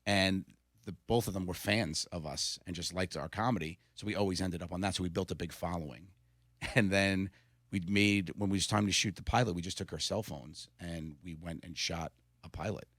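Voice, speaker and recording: A middle-aged man with a low voice rattles through stories at a fast clip, animated and laughing often. He sounds close to a studio mic in a dry room. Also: no echo. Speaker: comedian guest. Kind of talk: casual interview storytelling.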